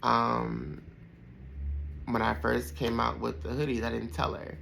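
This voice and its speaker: A man's voice: mid-range voice, monotone, measured pace, gravelly, pushed and bright, slight background noise, low-quality recording. A man in his thirties hosting a podcast, telling a heartfelt personal story in a rambling way with many fillers. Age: 30s. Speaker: podcast host.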